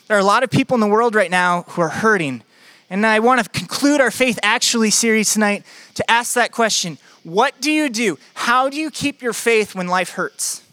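Young pastor, jokey animated sermon storytelling, dry close sound. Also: male voice, high voice, dry recording.

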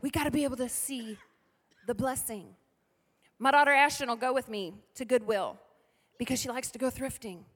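High-voiced woman preaching in a hall. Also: normal speed, long pauses. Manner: lively preaching with call-and-response and acted quotes. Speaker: pastor. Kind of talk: sermon. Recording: reverberant hall.

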